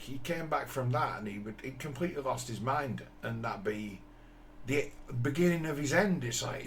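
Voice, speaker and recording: A man's voice: mid-range voice, creaky, a little hiss or hum. A man, talking bluntly in a rambling, profane monologue full of restarts. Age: 50s. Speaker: commentator.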